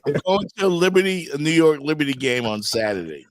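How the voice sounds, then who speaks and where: A man's voice: a little high, animated, fast, dry recording. A man hosting a casual sports talk show, giving firm, emphatic opinions.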